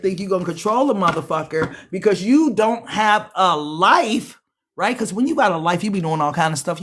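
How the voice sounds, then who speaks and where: A man giving a casual tarot reading, profane and animated, calling his viewers beloved. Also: high voice. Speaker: tarot reader.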